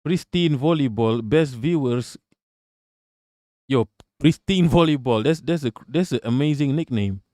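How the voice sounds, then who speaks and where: A man's voice: mid-range voice, a little slow, warm tone, no room sound, studio quality. A man hosting a live stream, reacting to news and chatting with viewers in a profane, sarcastic way. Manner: profane, sarcastic, talks to chat. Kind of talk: casual live-stream commentary.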